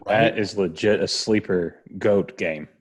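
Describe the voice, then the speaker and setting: A man co-hosting a casual sports podcast who drops wry, deadpan quips. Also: deep voice, measured pace, noisy background. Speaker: podcast co-host. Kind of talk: casual chat.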